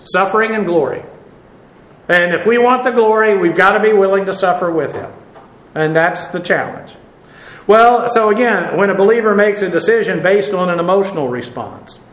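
A man's voice: high-pitched, a bit bright, echoey room, rough recording. A man preaching a sermon in a conversational, folksy way, with many fillers and asides.

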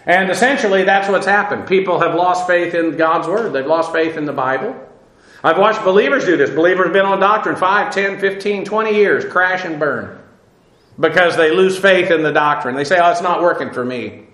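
A man's voice: high voice, moderate pace, fairly bright tone, roomy sound, poor audio. A man teaching a Bible lesson as a sermon, talking in a loose conversational way with fillers and small laughs.

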